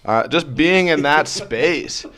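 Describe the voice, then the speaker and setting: A man's voice: on the high side, lively intonation, slow pace, fairly bright tone. A man on a casual panel telling a mock-earnest, dry joke. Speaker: panel guest.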